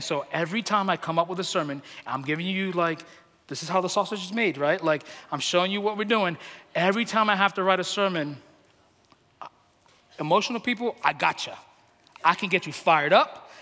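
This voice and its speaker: Brief: emotional male preacher, bright and forceful, loose and chatty, in a church hall. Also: high-pitched. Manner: chatty, self-deprecating, laughs often; emotional, gets loud. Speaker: pastor. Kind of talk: sermon. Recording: long hall reverb.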